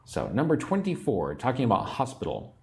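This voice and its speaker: A man's voice: mid-range voice, huge pitch swings, brisk, gravelly. A man teaching an English lesson on a livestream, patiently repeating words for learners and sounding a little sleepy. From United States. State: sleepy, yawning.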